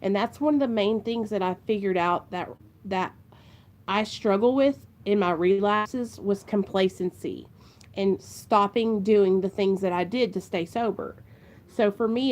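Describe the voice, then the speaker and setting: This Ohio vlogger is a young woman whose voice sits at medium pitch with a darkish tone. Talking straight to camera, she gets emotional and earnest, wandering from thought to thought and addressing her viewers as "you guys."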